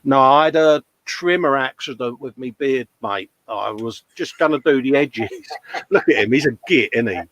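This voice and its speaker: A man's voice: medium pitch, moderate pace, a bit bright. A man hosting a live modelling show, chatting casually, reading out viewer comments and calling everyone mate. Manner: chatty, matey, laughs often.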